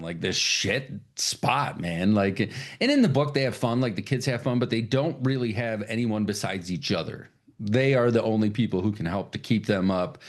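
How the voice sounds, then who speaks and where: A man hosting a casual podcast chat, animated and swearing freely, acting out lines in high put-on voices. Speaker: podcast host.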